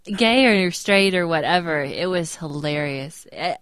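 A woman's voice: fairly low pitch, expressive, unhurried, a bit bright, no echo, clean studio sound. A woman co-hosting a podcast, chatting expressively and teasing her co-host. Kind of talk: casual chat.

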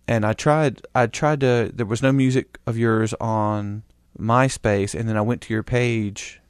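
Laid-back Southern man, low voice. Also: steady tone, measured pace, clear, resonant tone, no echo, studio quality. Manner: laid-back, rambling, joking. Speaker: podcast co-host. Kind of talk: casual chat.

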